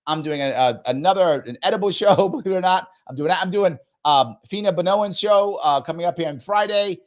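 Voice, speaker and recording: A man's voice: high-pitched, a little fast. A man hosting a live stream, chatting casually, reading viewer comments aloud and playfully pleading with his audience. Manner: playful, pleading, repeats himself for effect. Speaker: livestream show host.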